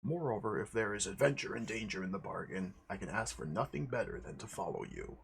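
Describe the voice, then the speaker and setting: A man's voice: fairly low pitch, lively intonation, brisk, gravelly, a little hiss or hum. A man doing a sarcastic barbarian warrior. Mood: sardonic. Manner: snarling, sarcastic.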